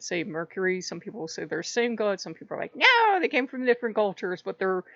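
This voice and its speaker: A woman's voice: mid-range voice, dry recording, muffled recording. Irreverent woman telling myths animatedly. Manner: animated, irreverent, laughs often. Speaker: channel host. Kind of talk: casual mythology storytelling.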